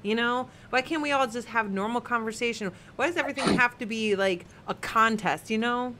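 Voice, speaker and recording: A woman's voice: on the high side, brisk, pushed and bright, a little hiss or hum. Heated, swearing woman podcast host. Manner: heated ranting, heavy swearing. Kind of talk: casual chat, reading viewer comments.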